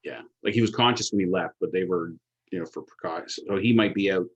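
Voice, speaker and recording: A man's voice: low-pitched, quick pace, breathy edge, muffled recording. A man co-running an app project, chatting casually and rambling with lots of fillers. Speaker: app co-founder. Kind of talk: casual work chat.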